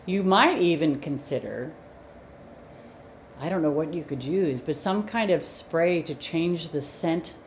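A woman with a fairly low voice chats about dogs and tells lively stories. She explains things patiently. She sounds like she is in an echoey room with faint noise behind her. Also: unhurried. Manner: chatty, explains patiently, animated storyteller. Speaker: dog trainer and co-host. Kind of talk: casual chat.

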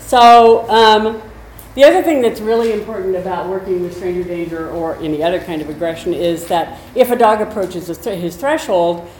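A woman's voice: lowish voice, moderate pace, a little mellow. A woman explaining dog behavior in a chatty, conversational way, with storytelling asides. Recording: roomy echo, faint noise.

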